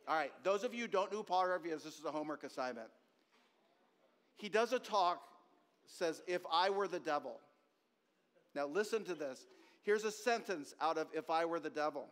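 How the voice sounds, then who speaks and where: A male pastor preaches in a high, animated voice. He speaks to the congregation in a chatty way and often turns to them directly. His words ring out with the long reverb of a church sanctuary. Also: moderate pace, long pauses. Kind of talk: sermon.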